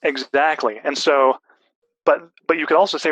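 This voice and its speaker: A man's voice: on the high side, moderate pace, a bit bright, dull audio. A man in a casual discussion, explaining at length with restarts and fillers.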